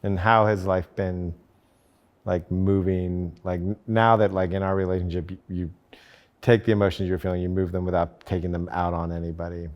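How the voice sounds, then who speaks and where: Male podcast host, very low voice, short relaxed prompts and questions. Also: normal speed, dull audio. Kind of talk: casual interview questions.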